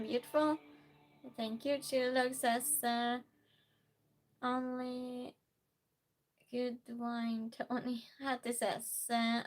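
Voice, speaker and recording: A woman hosting a live stream, chatting casually, reading viewer comments aloud and calling out loud greetings to regulars. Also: on the high side. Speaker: livestream host.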